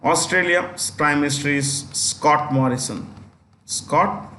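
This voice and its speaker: In an echoey room with faint noise, a man with an Indian English accent gives an exam-prep current affairs lecture. His voice is fairly high, pushed and bright, and he takes it slowly. He's repetitive, restarting phrases and checking in with his students with "got it?".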